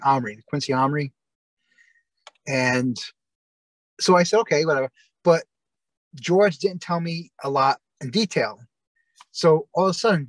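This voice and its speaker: Interview guest, male, slightly raised pitch, dry close sound, rambling storyteller. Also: dry recording. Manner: rambling, many fillers and restarts.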